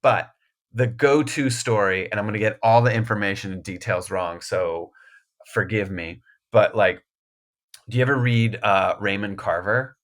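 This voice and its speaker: On a fairly low voice at normal speed, a man appears as a guest author in an easygoing podcast conversation. His talk wanders, mocks himself, restarts repeatedly, and is often interrupted by his own laughter mid-thought.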